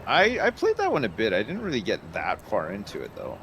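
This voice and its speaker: A man's voice: fairly low pitch, huge pitch swings, a little fast, fairly bright tone, slight background noise. A man chatting casually about games with a friend, hesitant, with restarts. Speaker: co-streamer. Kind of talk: casual gaming chat.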